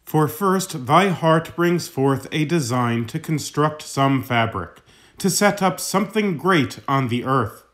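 Male narrator for a saint's sermon, slightly high voice, very unhurried, solemn delivery. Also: lively intonation, fairly bright tone. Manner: measured, solemn reading. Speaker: reader of a saint's homily. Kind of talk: slow scripted narration of a sermon.

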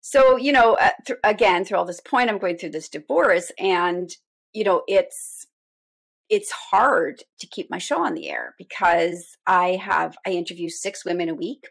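A middle-aged woman, a guest on an interview show, telling her story in a heartfelt, animated way. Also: on the low side, measured pace, gravelly. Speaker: guest, radio show host. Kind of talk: conversational interview.

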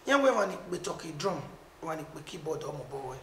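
In an echoey room with a noisy background, a man with a Nigerian accent, a musician, chats animatedly and casually, switching between pidgin and Edo. He speaks quickly at a fairly high pitch.

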